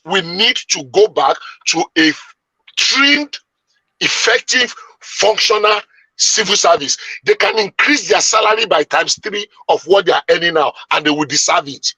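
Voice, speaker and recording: Emphatic man, bright and husky. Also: sits high, no echo, poor audio. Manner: emphatic, argumentative, long-winded. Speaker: debate panelist. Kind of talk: heated debate.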